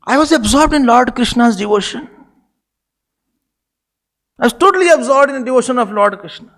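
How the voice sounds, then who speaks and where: A man's voice: very high-pitched, expressive, normal speed, fairly bright tone, heavily acted. A man voicing an anxious, reluctant male god who hesitates and pleads in embarrassment. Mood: pleading. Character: anxious reluctant male god, devout, fearful of his own gaze.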